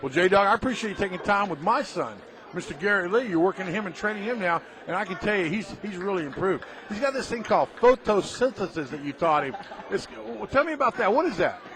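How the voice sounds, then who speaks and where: A man's voice: high voice, lively intonation, quick pace, a crowd in the background. A man hosting interviews at a martial arts tournament, full of enthusiastic praise. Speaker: host and interviewer. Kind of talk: event interview and commentary.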